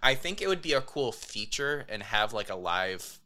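Man, podcast co-host, low voice, bright tone, enthusiastic casual chat. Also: sing-song, moderate pace. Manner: enthusiastic, informal, plugs makers on the show.

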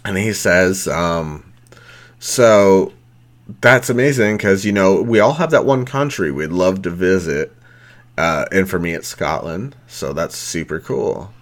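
A man's voice: sits low, lively intonation, a little slow. A middle-aged man hosting a podcast, ranting angrily with constant swearing and mocking voices. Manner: angry, heavy swearing, mocking quotes. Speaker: podcast host. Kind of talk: profane rant.

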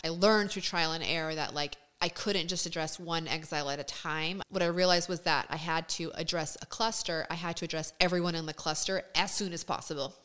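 A woman in her thirties talks candidly on a podcast, in a rather low, smooth and resonant voice. She explains her methods step by step and drops blunt swear words along the way, in a casual conversational tone. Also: steady tone, brisk, hardly any pauses, fairly bright tone. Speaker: podcast host.

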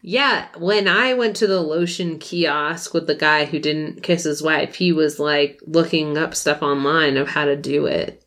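Brief: woman improviser, lowish voice, deadpan. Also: a little slow. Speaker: improv performer. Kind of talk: comedic improv.

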